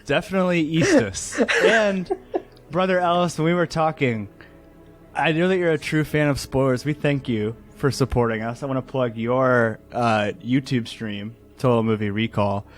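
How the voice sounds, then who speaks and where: A man co-hosting a podcast in casual chat, measured in tone. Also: mid-range voice. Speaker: podcast co-host.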